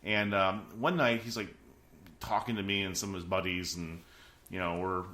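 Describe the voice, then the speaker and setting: A man's voice: deep voice, steady tone, moderate pace, pushed and bright. A man in his thirties, a podcast host telling a story in a rambling, casual way with lots of fillers and restarts.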